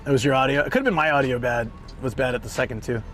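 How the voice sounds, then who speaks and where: A man chatting on a live stream, excitable and rambling, who swings between a higher hyped voice and a deeper relaxed one, his voice strained from hours of talk. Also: racing, soft background music. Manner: rambling and excitable, trailing off and restarting. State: voice strained from talking a lot. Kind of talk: casual live stream chat.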